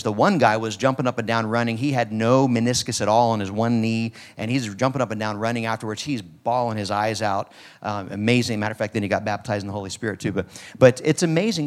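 A man preaching a sermon in a church service, talking in a casual, animated way and acting out quoted lines. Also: mid-range voice. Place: church sanctuary.

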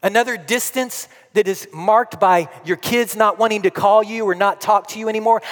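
A male pastor preaching a dramatic sermon, moving from forceful declarations to hushed, slow, emphatic repetitions. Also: high voice, steady tone. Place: church sanctuary. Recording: long reverb of a church hall.

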